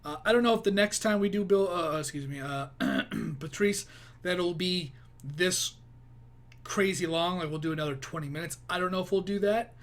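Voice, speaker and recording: A man's voice: sits high, moderate pace. A man hosting a reaction video, chatty and rambling in casual commentary. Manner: chatty, rambling, laughs easily.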